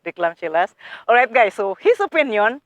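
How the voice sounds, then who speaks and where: A woman's voice: medium pitch, very animated, moderate pace, a bit bright, no room sound, lo-fi sound. A woman showing viewers her garden work in a casual how-to vlog, eager and chatty, often calling them guys. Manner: eager, addresses viewers as guys, non-native phrasing. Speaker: gardening vlogger.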